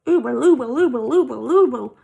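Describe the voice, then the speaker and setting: A woman voicing an excitable male tree creature who speaks high and loud, mumbling through a mouthful of toffee. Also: moderate pace, dull audio.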